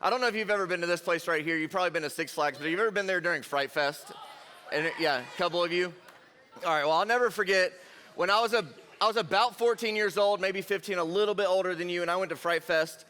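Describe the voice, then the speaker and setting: A young man giving a lively, jokey youth sermon and talking straight to the crowd. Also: high-pitched, quick pace. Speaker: youth pastor. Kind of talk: energetic youth sermon storytelling. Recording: long hall reverb.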